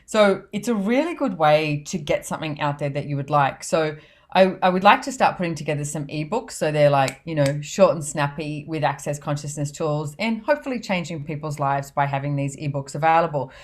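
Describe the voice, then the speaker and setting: A low-pitched woman talks in a loose, chatty way on a podcast. She laughs easily and slips into quoting other people as she tells stories. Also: fairly quick. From Australia. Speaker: podcast host and author. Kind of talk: casual podcast chat.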